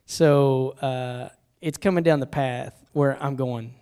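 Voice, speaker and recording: A middle-aged man preaching a sermon, telling personal stories and moving between hushed, confessional moments and loud, urgent ones. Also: mid-range voice, steady tone, slow, clear, resonant tone.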